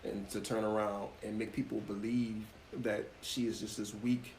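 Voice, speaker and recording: A man's voice: on the low side, moderate pace, reverberant, a little hiss or hum, rough recording. A man, a guest actor and author, talks casually in an interview and tells stories with many fillers. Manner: relaxed, storytelling, many fillers.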